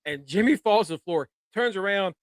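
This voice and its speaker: A man hosting a podcast, casually recapping wrestling with quick, laughing asides. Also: high voice, animated, no room sound. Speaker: podcast host.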